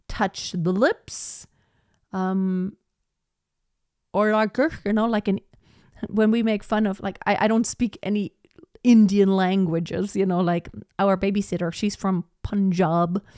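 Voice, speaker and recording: A woman's voice: medium pitch, darkish tone, no room sound, clean studio sound. A woman vocal coach teaching a live online singing lesson, chatting loosely with many fillers and demonstrating sounds. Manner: chatty, rambling, many "like" and "you know" fillers; demonstrates sounds with her own voice.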